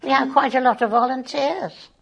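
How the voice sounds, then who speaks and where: An older woman talks about her neighbourhood. Her voice is creaky and husky, and she rambles in an easy, chatty way, tagging on little phrases like "it is" at the ends of her sentences. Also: high-pitched, moderate pace. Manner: chatty, with fillers and tag phrases like "it is". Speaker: community volunteer and board member. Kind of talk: interview, casual recollection.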